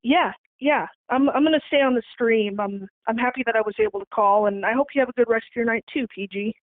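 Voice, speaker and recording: Eager female caller, a bit high, heard through a phone line. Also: fast talker. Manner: eager, stammers a little. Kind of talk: casual phone call.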